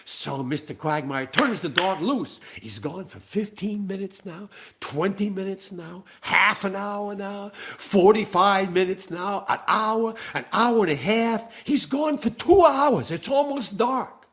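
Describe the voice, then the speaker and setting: A man telling a long comic story in a playful, animated way. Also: sits high, measured pace, hardly any pauses. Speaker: singer-songwriter and storyteller. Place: living room.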